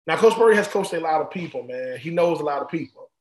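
A man's voice: on the high side, expressive, quick pace, a little mellow, roomy sound, slight background noise. A man, a former college football player, telling stories casually and animatedly, often repeating and restarting phrases. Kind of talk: casual storytelling.

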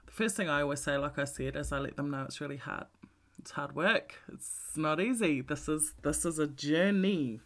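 A man's voice: on the high side, normal speed, a bit bright. A man giving a blunt, profane, candid talk about emotional healing, repeating his points for emphasis.

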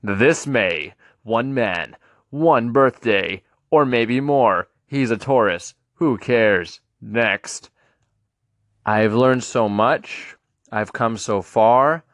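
A man's voice: mid-range voice, drawn-out words, fairly bright tone, no echo. A man in his twenties hosting his own podcast, talking in a playful, rambling and earnest way. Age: 20s. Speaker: podcast host. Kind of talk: casual solo podcast monologue.

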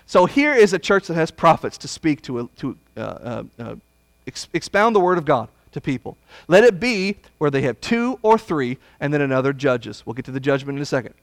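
A man preaching a Bible study sermon, blunt and folksy, swinging from loud emphasis to hushed asides. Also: on the high side, expressive, moderate pace, no room sound.

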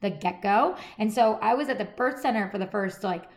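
A woman in her thirties hosts a podcast, chatting animatedly and acting out the people she quotes. Her mid-range voice moves fairly quickly in this casual conversation.

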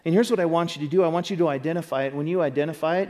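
High-pitched guy preaching, chatty, keeps asking the crowd stuff. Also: racing, few pauses, a little mellow. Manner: conversational, asks the audience questions, demonstrates with props. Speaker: pastor. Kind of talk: sermon. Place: church stage.

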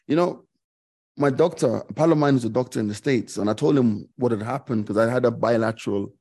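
A middle-aged man speaks as a podcast guest, recounting a personal story in a candid, reflective way. His voice is gravelly and mellow at a medium pitch. He often circles back, repeating phrases and leaning on fillers. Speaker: guest, DJ and radio host.

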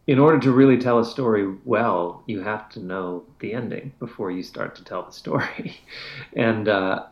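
Low-voiced musician in roomy sound. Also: male voice, dull audio. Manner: thoughtful, hedging, with frequent fillers and laughs. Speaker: classical instrumentalist, interview guest. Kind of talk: conversational interview.

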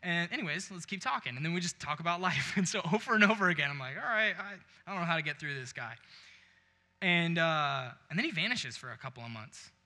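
A man's voice: fairly high pitch, animated, fast, bright, forceful tone. A young man preaching a sermon as a pastor, telling a story and acting out both sides of the conversation. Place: church sanctuary. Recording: long reverb of a large hall.

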